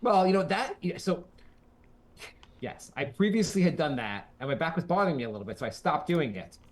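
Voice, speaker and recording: A man co-hosting a comedy podcast in casual chat, often stammering and self-deprecating, breaking into loud mock rants. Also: fairly high pitch, lively intonation, brisk. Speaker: podcast co-host.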